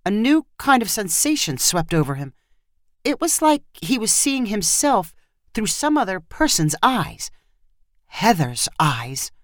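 A woman narrates a short story aloud in a lively, expressive reading. Her pitch rises and falls freely, at a middle height. The recording is dry and close to the mic. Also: measured pace, no room sound.

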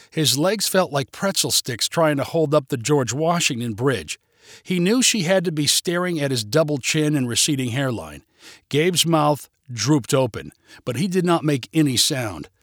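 A man reading a humorous short story aloud with expressive, lively delivery. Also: on the high side, dry recording, clean studio sound.

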